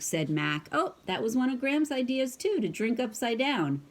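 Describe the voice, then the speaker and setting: Playful mom reading a picture book. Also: female voice, on the high side, very animated, normal speed, few pauses. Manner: chatty asides, playful hiccup noises. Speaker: parent reading aloud to a child. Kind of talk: casual storybook read-aloud.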